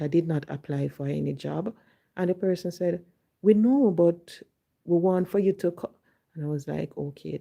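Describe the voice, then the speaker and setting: A woman's voice: sits low, creaky, dark tone. A woman from Jamaica with a Jamaican accent, telling a personal story and slipping into Patois when she quotes herself.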